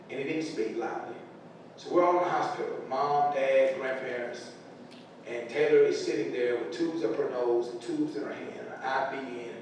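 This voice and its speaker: A middle-aged man gives an earnest, emotional motivational speech to school staff. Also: a little mellow. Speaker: parent speaking to school staff. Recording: echoey large room from far off, faint rumble.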